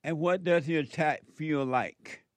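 A man's voice: a little high, a little slow, no echo. A man hosting a call-in radio show, giving spiritual advice in a drawling, preachy way with frequent chuckles.

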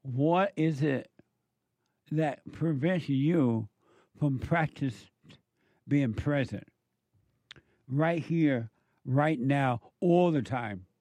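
A man's voice: medium pitch, drawn-out words, pauses often, darkish tone, no room sound. A male counselor delivering a preachy monologue, firing off emphatic rhetorical questions in a scolding tone.

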